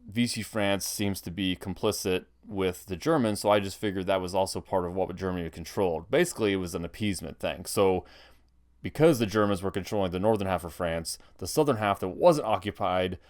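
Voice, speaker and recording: Man with a smooth, lowish voice. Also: a little fast. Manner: thinking aloud, many restarts and hedging fillers. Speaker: history film commentator. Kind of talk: casual film commentary.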